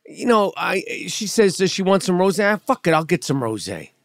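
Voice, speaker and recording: A man hosting a podcast, telling a story in a teasing, profane, animated way. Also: high voice, brisk, creaky, no room sound, clean studio sound. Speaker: podcast host. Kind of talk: casual podcast banter.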